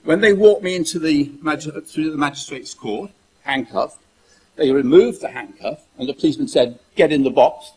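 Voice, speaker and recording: A man from the United Kingdom tells a personal story in an emphatic monologue, repeating phrases and acting out its dialogue. His voice is on the high side and slightly rough, at normal speed, and the recording itself is rough.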